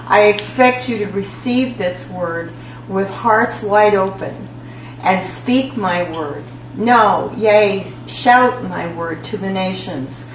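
A woman speaks in tongues and then delivers a solemn prophecy very slowly. She is far from the mic in an echoey room. A clear hum runs under the dull recording. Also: mid-range voice. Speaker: congregation member prophesying. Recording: distant, echoey, dull, humming.

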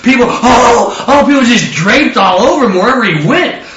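A man preaching a lively sermon with call-and-response, acting out quotes in different voices. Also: very high-pitched, normal speed, noisy background. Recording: echoey room, distant mic, dull sound.

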